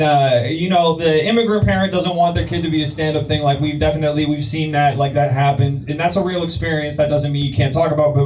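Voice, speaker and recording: A man's voice: on the high side, background noise. A man hosting a comedy show and giving a judge's feedback, rambling and joking with frequent stammers. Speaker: host and judge. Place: comedy club. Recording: distant club sound with crowd.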